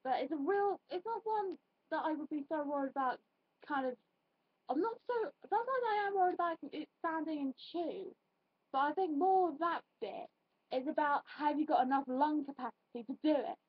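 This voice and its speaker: A woman's voice: high-pitched, lively intonation, normal speed, no echo, highs cut off. A young woman vlogger chatting casually through a tag video, rambling with lots of fillers and giggles.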